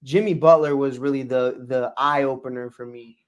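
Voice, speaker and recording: A man's voice: medium pitch, fairly even intonation, moderate pace. A man co-hosting a sports podcast, chatting animatedly and slipping into mocking impressions. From Chicago. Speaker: podcast co-host. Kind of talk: casual sports chat.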